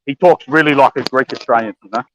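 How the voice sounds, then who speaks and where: An English man talks quickly in a casual chat, tossing in lad and bro. His voice sits in a middle range, and he is friendly and chatty. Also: medium pitch, over a noisy crowd, rough recording. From United Kingdom. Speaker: panel guest.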